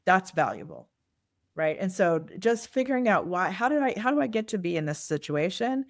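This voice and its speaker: A middle-aged woman, a nonprofit fundraising consultant guesting on a podcast, tells personal stories candidly and reflectively, acting out quoted dialogue. Her voice is on the low side with big pitch swings at normal speed, recorded dry with clean studio sound.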